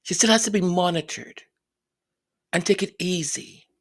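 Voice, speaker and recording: A woman hosting solo royal commentary, sarcastic and mocking, who mimics others in quick quoted asides and repeats words for effect. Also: lowish voice.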